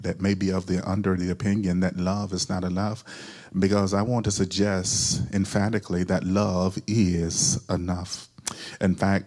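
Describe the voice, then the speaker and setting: Deep-voiced preacher with a flat delivery. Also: male voice, vocal fry. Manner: preacherly call-and-response, repeating key phrases. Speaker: pastor. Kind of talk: sermon.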